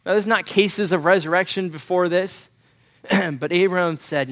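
Earnest young pastor, slightly high voice. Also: male voice, fairly bright tone. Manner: earnest, halting storytelling, clears his throat often. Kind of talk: sermon with a personal story.

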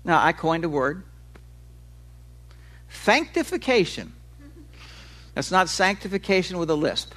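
A man's voice: on the high side, a little fast, hardly any pauses, a bit bright. A male preacher giving a sermon in a conversational way. He explains with everyday examples and stretches key words for emphasis.

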